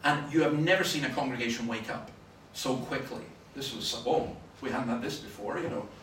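A Scottish man preaching a sermon, telling stories with sudden loud bursts of emphasis. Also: medium pitch, normal speed. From Scotland. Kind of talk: sermon with anecdotes. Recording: roomy, from far off, faint noise.

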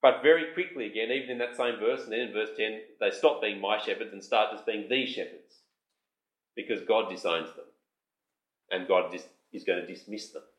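A man preaching an expository sermon, emphatic, lifting his voice on lists and slowing down when he reads scripture aloud. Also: lowish voice. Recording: roomy hall sound.

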